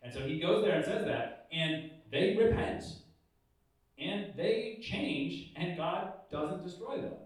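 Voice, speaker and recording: Storytelling pastor type, animated and funny, in a very echoey room. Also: male voice, sits high, slow. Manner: animated, humorous storytelling with acted-out quotes. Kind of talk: casual preaching talk. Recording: echoey room, far from the mic.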